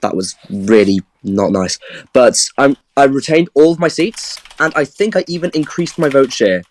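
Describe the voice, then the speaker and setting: A man speaking as a guest candidate on a casual livestream, in a relaxed, slightly rambling way. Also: mid-range voice, normal speed.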